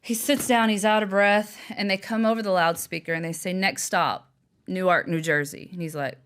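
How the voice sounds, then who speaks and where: A woman's voice: on the low side, moderate pace, clear, resonant tone. A young adult woman recounting a story as an interview guest. She tells it with animation, voicing the people in it and laughing along the way. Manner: animated storyteller, acting out quotes with a lively laugh. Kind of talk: storytelling in conversation.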